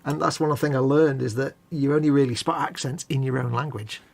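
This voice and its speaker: A man's voice: medium pitch, fairly even intonation, quick pace, gravelly. A man, co-hosting a live stream, chatting casually and rambling as he reads out viewer comments. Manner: rambling, chatty, self-correcting.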